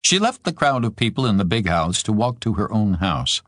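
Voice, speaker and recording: A man narrating a war novel audiobook in measured, expressive storytelling. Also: fairly low pitch, no room sound, clean studio sound. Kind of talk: scripted narration.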